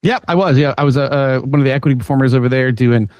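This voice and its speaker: A man's voice: mid-range voice, quick pace, darkish tone, no room sound, muffled recording. A man guesting on a podcast, telling rambling, self-deprecating stories about his work with plenty of fillers and restarts. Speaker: podcast guest, former theme park show director. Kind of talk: casual podcast chat.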